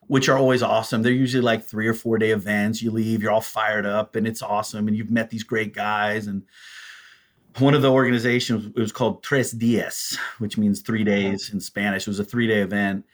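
A man telling stories as a podcast guest, animated and acting out the voices of people he quotes. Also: fairly low pitch, a little fast. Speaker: guest, prison ministry volunteer. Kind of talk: storytelling in a podcast interview.

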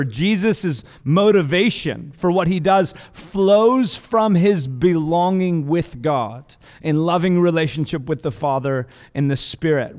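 Male pastor, higher-pitched, relaxed, earnest sermon delivery; long hall reverb. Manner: conversational, earnest, with frequent "like" and restarts.

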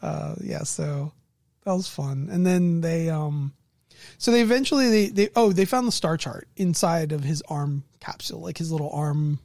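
A woman game master casually recounting a tabletop game session, animated and laughing often. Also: low voice, moderate pace, dry recording, studio quality.

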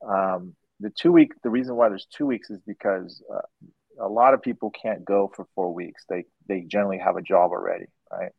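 A low, gravelly man rambles through a laid-back podcast chat, doubling back on his words as he goes. The sound is dull and dry, like a lo-fi recording with no room. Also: steady tone, fairly quick, no echo. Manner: rambling, repeats words, laughs easily. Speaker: host and dent repair trainer.

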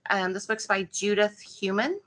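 An older woman, a retired school librarian, recommends books for middle schoolers. Her voice is bright and clear, and she pauses now and then to find her words. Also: mid-range voice. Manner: eager, thinking aloud with pauses. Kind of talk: podcast book recommendations.

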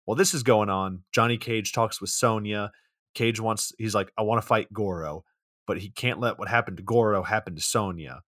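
A man co-hosting a podcast, recapping a film plot in a casual, sardonic way with swearing and deadpan asides. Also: lowish voice, normal speed, no room sound, studio quality. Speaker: podcast co-host.

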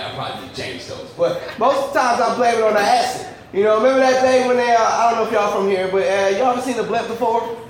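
A man's voice: high voice, noisy background. A man doing a profane, rambling stand-up comedy set in front of a live audience, breaking into mock-outraged rants. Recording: very echoey room mic.

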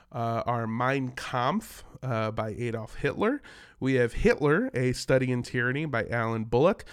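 A podcast host, a man sick with a cough, talks in a loose, rambling, self-mocking chat with plenty of swearing. His voice is smooth and clean at an ordinary pitch, and it is recorded close and dry with no room sound. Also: a bit bright, dry recording.

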